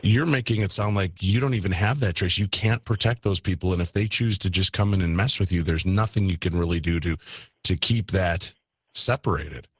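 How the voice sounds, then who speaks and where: A father hosting a talk show and asking his guests thoughtful, measured questions. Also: sits low, slightly rough, no echo. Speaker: host. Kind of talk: interview questions.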